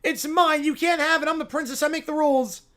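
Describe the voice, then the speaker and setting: A man's voice: very high voice, steady tone, brisk, bright, forceful tone, pitched above the performer's own voice. A man voicing a spoiled, demanding little girl who calls herself a princess, in a whiny, bossy way.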